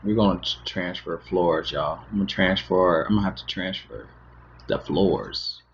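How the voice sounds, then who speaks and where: A man's voice: deep voice, normal speed, dull audio, a little hiss or hum. A man on a home livestream, chatting in sing-song baby talk to his little daughter between asides to his viewers. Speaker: livestream host and father. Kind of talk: casual livestream chat. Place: at home, moving to the kitchen.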